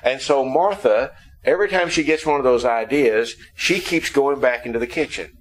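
Man preaching a lively, humorous sermon. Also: mid-range voice, normal speed, low-quality recording. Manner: humorous storytelling, explaining scripture.

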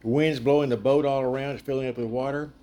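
A man leading a casual group Bible study, chatty and animated, laughing often as he retells the story. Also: mid-range voice, quick pace, slight background noise.

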